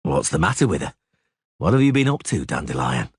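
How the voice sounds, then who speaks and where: A man's voice: very deep voice, sing-song, brisk, slightly rough, no room sound, pitched below the performer's own voice, heavily acted. A man voicing a terse, weary monster hunter who speaks in clipped, dry lines in an audiobook. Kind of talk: audiobook character voice.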